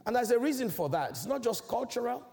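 Very animated and quick-paced, with a darkish tone, an African man serving as a church elder delivers an emphatic, declamatory sermon in a large church. His preaching rises and falls in big swells of pitch.

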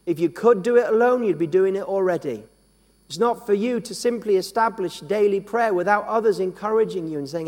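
A man preaching, his voice sitting high for a man. He speaks earnestly and repeats himself, stumbling and restarting phrases, and his voice rings with a long hall reverb. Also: brisk, darkish tone. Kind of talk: sermon.

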